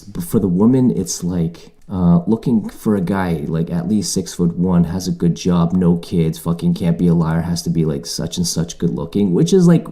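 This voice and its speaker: Deep, dark-voiced rambling podcast man. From Canada. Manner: rambling, profane, self-correcting. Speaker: podcast host. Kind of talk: casual solo podcast monologue.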